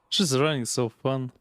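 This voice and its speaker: A man's voice: mid-range voice, a bit bright, dry recording. A man streaming a video game, chatting casually and laughing often as he plays. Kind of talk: casual gameplay commentary.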